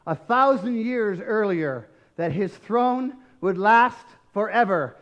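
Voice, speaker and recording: A man preaching a sermon as pastor, emphatic and rising to shouts, often asking the congregation questions. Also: high-pitched, dull audio.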